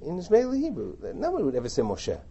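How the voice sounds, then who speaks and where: A man's voice: a little high, sing-song, moderate pace, mellow, highs cut off. A man teaching a text lesson, reading verses aloud and translating them line by line, with chatty asides and questions to the class. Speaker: Torah teacher. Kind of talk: lecture on a biblical text.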